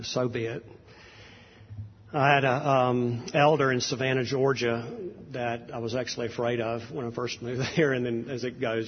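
This pastor has a medium-pitched voice with a slight hiss or hum, and he opens his sermon in a chatty, anecdotal style full of fillers and restarts. The audio is dull and the hall is reverberant.

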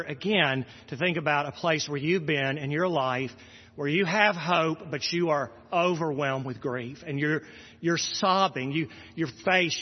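A man preaching a sermon in a church, earnest and repeating his words for emphasis. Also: on the high side. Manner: earnest, repeats words, voices Jesus in quotes. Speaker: pastor. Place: church sanctuary. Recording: muffled sound with long hall reverb.

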